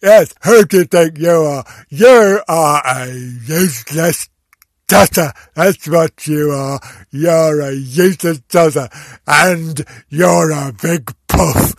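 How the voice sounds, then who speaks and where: A blunt, mocking heckler bellows his insults in a loud, gruff voice, as a man puts him on. The tone is slightly husky, and the sound is dry and close. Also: on the high side, slow pace, dry recording, full character voice. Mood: gruff mockery. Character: loud gruff male heckler reading his own rude note.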